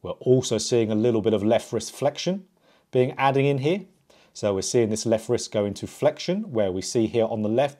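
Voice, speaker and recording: A man's voice: medium pitch, mellow. Male golf coach, explanatory online lesson delivery. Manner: explanatory, counts points off.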